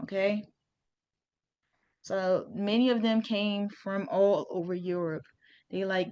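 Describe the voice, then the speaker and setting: A woman's voice: medium pitch, steady tone, slow pace, long pauses, darkish tone, clear, resonant tone, dull audio. A woman hosting a casual history talk for her viewers, informal and chatty, with slang and restarts. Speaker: host.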